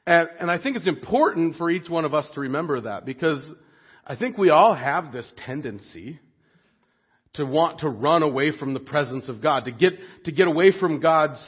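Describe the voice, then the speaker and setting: A man preaches a sermon with a fairly high, husky voice. He speaks earnestly and expressively and sinks soft and low when the point turns grave. The recording sounds dull and lo-fi. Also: expressive, moderate pace.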